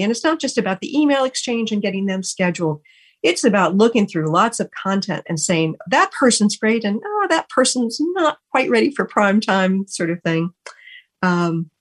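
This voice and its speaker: A woman hosting a radio talk show, thanking her team in an earnest, gushing way with many restarts. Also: on the low side. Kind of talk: heartfelt on-air thank-yous.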